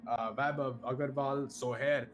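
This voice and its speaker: A medium-pitched man from India calls an online racing event at a measured pace, his intonation fairly even. As an esports commentator he stays chatty, stops and restarts a lot, and laughs without much prompting.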